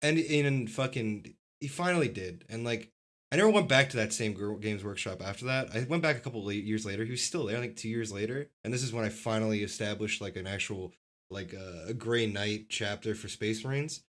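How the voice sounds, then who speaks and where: A man's voice: lowish voice, fairly bright tone. A man co-hosting a podcast, telling rambling stories in casual chat, swearing freely. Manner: rambling, profane, fast storytelling. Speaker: podcast co-host.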